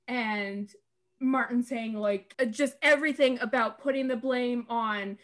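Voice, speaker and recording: Animated woman podcaster with a high voice. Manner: animated, laughing, fast when worked up. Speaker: podcast co-host. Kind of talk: casual chat.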